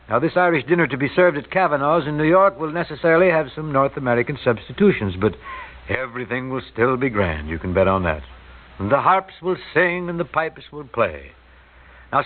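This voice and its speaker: A man hosting a radio show, talking in a folksy, joking, conversational way. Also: medium pitch. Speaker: radio host. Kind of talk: chatty radio talk. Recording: tinny old radio broadcast.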